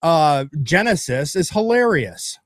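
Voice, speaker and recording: Man from michigan, joking, profane, a bit high, dry close sound. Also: sing-song, slow, no echo. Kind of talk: casual chat.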